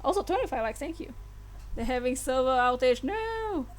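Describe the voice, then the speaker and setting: A woman's voice: high voice, very animated, moderate pace. A woman streaming a game live, chatting and giggling through her reactions. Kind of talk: live gameplay commentary.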